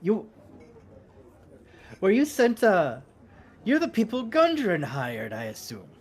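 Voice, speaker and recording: A man's voice: high voice, wildly swooping pitch, slow, voice pushed up, full character voice. Give me a man playing a kindly, fussy middle-aged shopkeeper who mumbles to himself. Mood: welcoming. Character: kindly balding fifty-year-old male shopkeeper.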